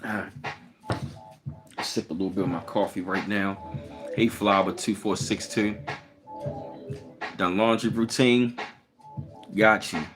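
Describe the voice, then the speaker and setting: A relaxed man with a Baltimore accent and a fairly low voice, talking loosely on a live stream. He greets his chat one by one in an easy, unhurried way. Music plays clearly behind him. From Baltimore, Maryland.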